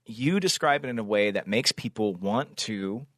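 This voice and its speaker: A man's voice: on the low side, lively intonation, normal speed, dry recording, studio quality. A man co-hosting a podcast in casual chat, often chiming in with agreement and building on the guest's points. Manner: encouraging, frequent agreeing interjections. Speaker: podcast co-host.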